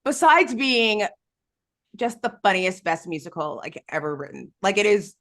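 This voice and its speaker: A woman co-hosting a podcast in casual chat, animated, laughing often and jumping between topics. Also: medium pitch, moderate pace. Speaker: podcast co-host.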